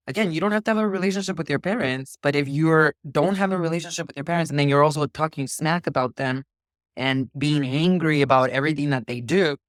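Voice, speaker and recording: A man's voice: on the high side, fairly bright tone, no room sound. A man hosting a podcast, talking in a reflective, earnest way about forgiveness and spirituality, with frequent restarts. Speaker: podcast host. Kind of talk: casual spiritual conversation.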